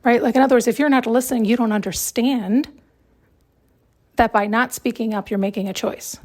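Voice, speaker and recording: A woman talks through self-help advice in a breathy, slightly high voice. She speaks with emphasis and loops back over her points. She keeps checking in with the listener. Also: fairly even intonation, brisk, darkish tone. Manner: emphatic, repetitive, frequent tag questions. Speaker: podcast host.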